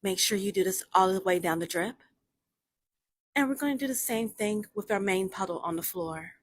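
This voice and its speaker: A woman hosting a drawing tutorial and reading a storybook aloud, calm and instructive. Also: on the low side, breathy edge, no echo.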